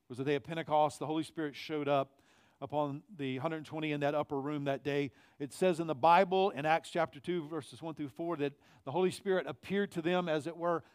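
A middle-aged male pastor preaching a conversational sermon in church, growing loud on key phrases. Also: on the high side, clear, resonant tone, no echo. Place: church sanctuary.

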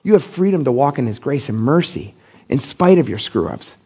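A man's voice: mid-range voice, sing-song, normal speed, mellow, breathy edge. A middle-aged man from Pennsylvania preaching a casual, blunt sermon as pastor, acting out the people he quotes with big jumps in his voice. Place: church.

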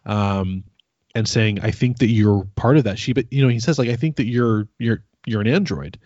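A man's voice: lowish voice, moderate pace, a little mellow, dry recording, dull audio. Rambling man recapping a show. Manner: rambling, plays out scenes in quoted voices. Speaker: podcast co-host. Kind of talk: casual chat recapping an episode.

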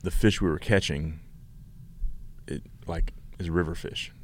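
A man's voice: sits low, steady tone, unhurried. A man co-hosting a podcast, chatting casually and telling rambling stories with frequent restarts. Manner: rambling, self-interrupting storyteller. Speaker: podcast co-host. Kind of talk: casual chat.

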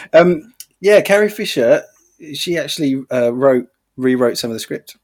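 A man with a lively, swooping voice banters about a film, dropping crude jokes and swearing as he goes. Now and then he slips into impressions of characters. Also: mid-range voice, a little slow. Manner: joking, swearing, does impressions. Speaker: podcast co-host. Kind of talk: casual film chat.

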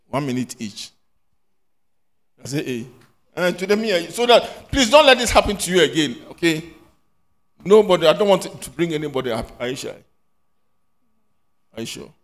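Teacher, male, lively pitch, scolding questioner in a church hall. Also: moderate pace, pauses often. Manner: animated, scolding, rising to loud questions. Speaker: Sunday school teacher. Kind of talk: quizzing children in class.

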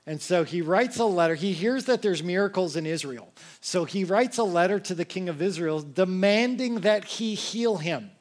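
Young guy preaching, high voice, chatty and loose, acts out quotes with lots of energy. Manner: casual, conversational preaching with lively acted quotes. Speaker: pastor. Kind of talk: sermon.

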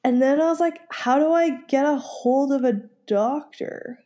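A woman co-hosting a podcast, telling a story in casual chat, animated and swearing freely as she acts out phone calls. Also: high voice, unhurried. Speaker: podcast co-host.

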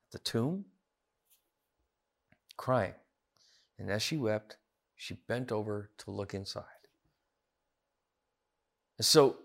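A man as pastor preaching a sermon, earnest, building to emphatic repeated phrases. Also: mid-range voice. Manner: earnest, rising emphatic repetitions.

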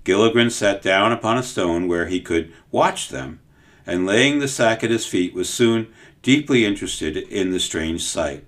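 A man narrates a children's story, reading in a measured, expressive way. His voice is low but lively and swings widely in pitch. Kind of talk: audiobook storytelling.

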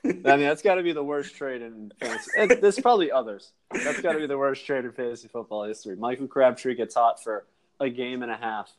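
A man's voice: medium pitch, brisk. A young man co-hosting a podcast in casual sports chat, teasing and sarcastic, swearing freely. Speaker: podcast co-host.

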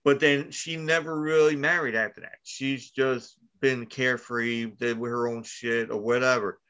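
A man's voice: mid-range voice, steady tone, moderate pace, pushed and bright, clean tone, muffled recording. A man hosting a casual podcast, telling rambling stories full of fillers and swearing. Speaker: podcast host.

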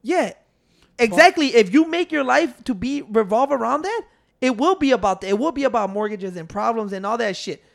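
Give me a rambling, profane talker with a gravelly, creaky voice in casual chat. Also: medium pitch, lively intonation, normal speed. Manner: rambling, profane, laid-back.

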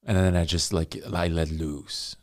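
Very deep-voiced rambling male host. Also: level tone, unhurried, darkish tone, no echo, clean studio sound. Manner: rambling questions full of "like". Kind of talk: casual interview chat.

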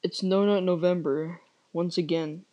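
A woman plays up a comedic confession with theatrical, deadpan despair. She talks slowly and drags her words out, in a voice sitting a little low for a woman. The gloom is played straight for laughs. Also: highs cut off. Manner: overly dramatic, deadpan despair. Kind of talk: mock-serious comedic confession.

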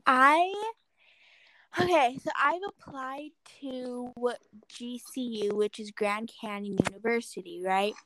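A woman's voice: a little high, takes it slowly, fairly bright tone, rough recording. A teenage girl co-hosting a casual podcast, laughing often and filling her talk with "like". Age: late teens. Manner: giggly, filler-heavy. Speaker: podcast co-host. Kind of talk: casual chat.

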